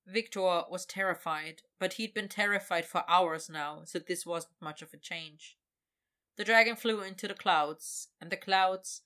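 Female storyteller, bright tone, expressive read-aloud delivery. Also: lowish voice. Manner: expressive, voices characters. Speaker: narrator. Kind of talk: reading a fantasy story aloud.

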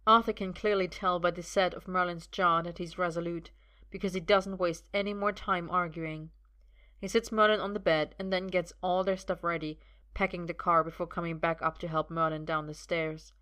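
A woman narrating a story aloud in a steady, expressive way. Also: on the low side, normal speed. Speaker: reader. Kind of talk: audiobook narration.

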